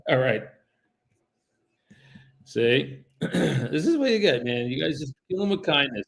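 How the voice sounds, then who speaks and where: A man with a gravelly edge to his mid-range voice talks loosely to his viewers, breaking off sentences and starting over. When someone picks up, he shifts into a courteous, friendly phone manner as a real estate agent making cold calls. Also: medium pitch, expressive, takes it slowly, pauses often, low-quality recording. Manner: casual chat with viewers, polite and friendly on calls; trails off and restarts sentences. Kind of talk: live-streamed cold calling with commentary.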